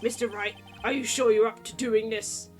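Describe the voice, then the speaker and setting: A woman voicing a stern, calm older male judge in a video game, speaking in a measured, formal way. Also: a little high, soft background music, lightly acted.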